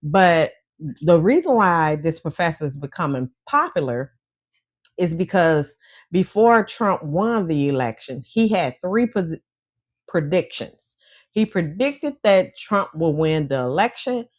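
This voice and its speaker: Chatty chicago woman w/ mississippi twang, lowish voice, dry close sound. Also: very animated, measured pace, no echo. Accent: Chicago with Mississippi roots. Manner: folksy, chatty, calls viewers y'all. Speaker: vlog host. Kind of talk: casual chat to viewers.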